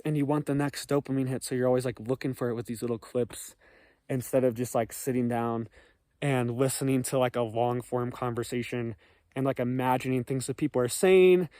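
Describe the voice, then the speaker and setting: Hoarse man, dry close mic. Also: medium pitch, mellow, no echo. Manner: rambling, emphatic, frequent "okay?" and "all right?" check-ins. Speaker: commentary channel host. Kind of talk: casual spoken commentary to viewers.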